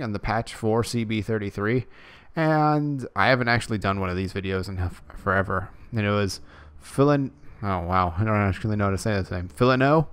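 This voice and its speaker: A man's voice: lowish voice, fairly bright tone, smooth. A young man giving casual, rambling commentary over gameplay, often correcting himself as he talks. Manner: rambling, self-correcting, chatty. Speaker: gaming YouTuber.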